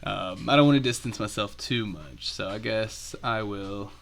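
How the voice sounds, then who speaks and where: A man's voice: lowish voice, normal speed, vocal fry, a bit bright. A man playing in an online tabletop game, thinking aloud hesitantly with restarts and fillers. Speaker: player. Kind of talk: casual tabletop game chat.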